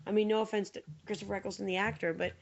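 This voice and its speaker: A woman's voice: mid-range voice, flat delivery, racing, vocal fry. A young woman co-hosting a podcast, chatting and joking with a lot of "like". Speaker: podcast co-host. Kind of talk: casual chat. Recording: dull lo-fi podcast audio.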